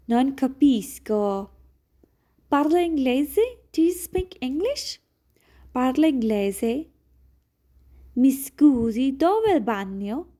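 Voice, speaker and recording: A woman's voice: sits high, dark tone. A woman teaching Italian phrases one by one, repeating each and translating it into English in slightly non-native phrasing. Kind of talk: slow language lesson.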